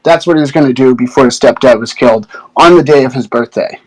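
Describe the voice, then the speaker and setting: A man who works as a social worker, answering criticism in a measured, defensive, halting way. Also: medium pitch, slightly rough, rough recording. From Maine. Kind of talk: heated discussion.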